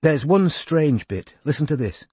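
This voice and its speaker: A man reading an audiobook voices a brisk young woman investigator. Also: fairly high pitch, big pitch swings, a little mellow, slightly rough, no echo, voice pushed up, exaggerated voice.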